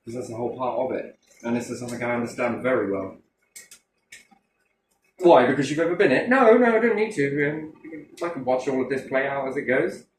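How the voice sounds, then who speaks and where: A man's voice: medium pitch, steady tone, brisk, pauses often, slight background noise. Sweary rambling man. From Britain. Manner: swears heavily, rambling, full of rhetorical questions. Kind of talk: casual conversational rant. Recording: roomy echo from a distant mic.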